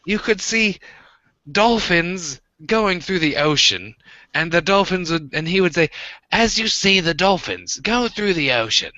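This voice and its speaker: A man's voice: high-pitched, lively intonation, measured pace, sharp tone, no echo, muffled recording, voice pushed up, exaggerated voice. A man putting on a grand British documentary narrator. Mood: grandiose. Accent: put-on British.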